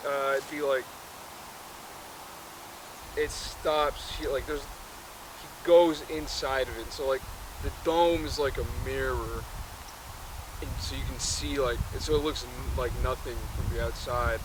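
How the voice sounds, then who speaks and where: Rambling man, slow and filler-heavy. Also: mid-range voice, steady tone, noisy background. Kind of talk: casual retelling of a movie.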